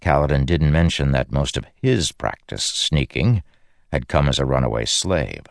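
A man narrating an audiobook in a measured, grave storytelling manner. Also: extremely low pitch, animated, creaky, no room sound, clean studio sound.

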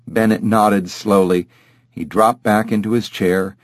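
Brief: male audiobook narrator, lower voice, dry close recording, steady read. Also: unhurried, no echo. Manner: steady, even storytelling. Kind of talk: scripted narration.

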